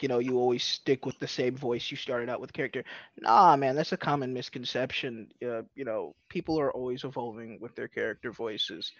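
A man's voice: medium pitch, no echo. A laid-back man chatting casually about playing tabletop games, often dropping "man" and "you know". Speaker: tabletop roleplaying player. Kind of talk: casual podcast chat. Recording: dull, dry lo-fi recording.

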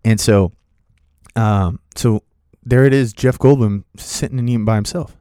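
A man casually telling a story from his own life, loose and lively, slipping into the voices of the people he quotes. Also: mid-range voice, a little slow, clean tone, no room sound, studio quality. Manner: animated, acts out other people's voices in quotes; loose, filler-heavy delivery with restarts. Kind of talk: casual spoken anecdote.

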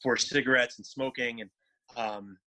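A man's voice: mid-range voice, steady tone, moderate pace, pushed and bright, a little hiss or hum, poor audio. A man co-hosting a casual podcast, cracking dry jokes and telling a laid-back story. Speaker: podcast co-host.

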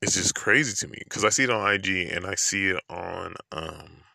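Vlogger, male, very low gravelly voice, bright edge, loose slangy rant with fillers. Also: moderate pace, dry recording. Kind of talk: casual opinion monologue.

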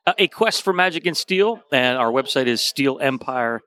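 Bright, lively man, playful guest. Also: medium pitch, moderate pace. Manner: enthusiastic, playful. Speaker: podcaster guest. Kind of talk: casual chat.

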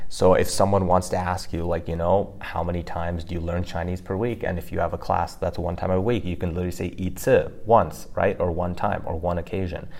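A man with a very deep voice talks through pronunciation points in a relaxed, conversational teaching style. He is loose and chatty, sprinkling in "like" and "you know" as he explains. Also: creaky. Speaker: language podcast co-host.

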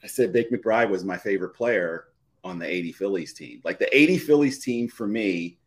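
A middle-aged man with a fairly low voice tells a long, heartfelt story. He rambles, doubles back and restarts his phrases as a guest on a live show. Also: lively intonation, normal speed. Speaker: podcast guest.

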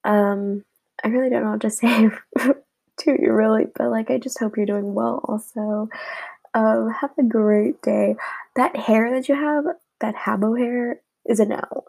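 A young woman rambling through a casual, emotional message to her friends, often dropping her voice low. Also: steady tone, a little slow, gravelly, a little mellow, poor audio. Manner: rambling, emotional, drops to a whisper at times.

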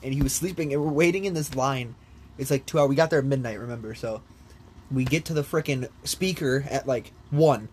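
A young man spinning a rambling story in casual talk, swearing freely and breaking into laughs. His voice sits at an ordinary pitch for a man. A faint hiss of noise runs under the recording. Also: fairly quick. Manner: animated storyteller, swears a lot, laughs often. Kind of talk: casual chat.

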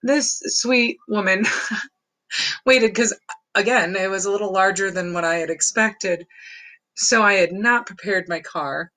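A woman's voice: mid-range voice, a little slow, pushed and bright, poor audio. A woman telling a personal story in a casual, rambling way, chuckling often between phrases.

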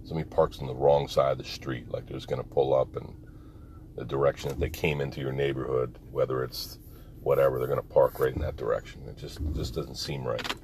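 A man with an extremely deep voice talks loosely to his viewers from a parked car. He rambles, swears freely and laughs often. Car and street noise is clearly audible behind him. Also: little pitch movement, fairly quick, a little mellow. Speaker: vlogger. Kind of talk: casual monologue.

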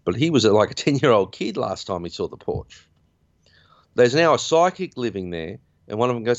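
A man's voice: medium pitch, big pitch swings, brisk, no echo, lo-fi sound. A man hosting a podcast, recapping a film in a chatty, rambling way. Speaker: podcast host. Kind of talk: casual film recap chat.

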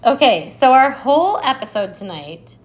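A woman's voice: high-pitched, big pitch swings, moderate pace. A woman co-hosting a podcast in casual chat, upbeat and giggly, chiming in on her friend's story. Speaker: podcast co-host.

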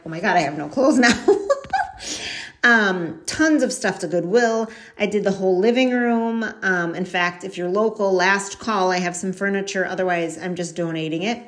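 A woman hosting a casual solo podcast, chatty and candid, with lots of "like" and "um" and lively storytelling. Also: lowish voice. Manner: chatty and candid, frequent fillers like "like" and "um"; animated storytelling with laughs and quoted asides. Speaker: podcast host.

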